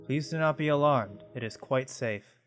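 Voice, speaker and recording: A man's voice: mid-range voice, normal speed, fairly bright tone, faint music behind, natural voice. Six, a man voicing a formal robot servant. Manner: courtly, addresses listener as mistress, half-attempted accent. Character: polite formal robot servant, male-voiced. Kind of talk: reading game dialogue aloud.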